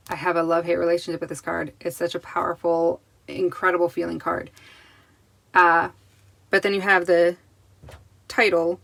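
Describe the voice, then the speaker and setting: A woman gives a tarot card reading straight to the camera in a relaxed, chatty way. Her voice sits a little low, and she reassures the viewer as she lays out each card. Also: vocal fry, no echo, rough recording. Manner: chatty and reassuring, with restarts and laughs.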